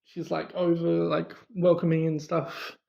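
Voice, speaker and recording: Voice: medium pitch, flat delivery, a little slow, creaky, mellow, echoey room, dull audio. A movie reviewer casually retelling a horror film's plot, with many fillers and quoted asides.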